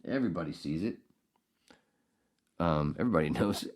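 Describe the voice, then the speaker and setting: A middle-aged man hosting a podcast, telling a story in a casual, profane, animated way with bursts of outrage. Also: low voice, brisk. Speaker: podcast host.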